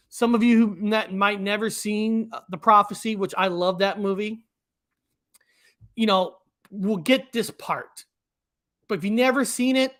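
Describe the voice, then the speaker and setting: A man's voice: high-pitched, a bit bright. A man hosting and explaining his own cartoon, speaking in a rambling way with frequent restarts. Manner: rambling, with many restarts and repeated words. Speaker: cartoon creator and host. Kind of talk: casual commentary.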